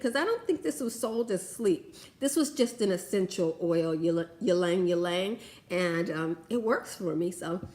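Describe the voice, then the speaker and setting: Woman, vlogger, casual product review, gushing, talkative, swoops up in pitch when excited. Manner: chatty and gushing, lively swings in pitch. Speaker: beauty vlogger.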